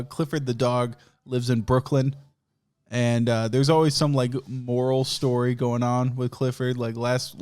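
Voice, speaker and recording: A man's voice: mid-range voice, a little mellow. A man hosting a podcast, telling rambling, profane comic stories and laughing often. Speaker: podcast host. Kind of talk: casual comedic storytelling.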